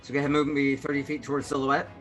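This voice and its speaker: Bright-voiced laid-back man playing a tabletop game. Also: medium pitch, monotone, rapid-fire, soft background music. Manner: laid-back, hesitant with fillers, wry. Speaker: player. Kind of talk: tabletop role-play.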